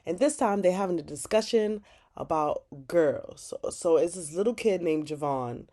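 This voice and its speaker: A woman's voice: on the low side, normal speed. A young woman hosting a casual vlog, chatting animatedly and saying "like" a lot as she recaps an episode. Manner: chatty, animated, heavy use of "like". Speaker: channel host recapping a TV episode.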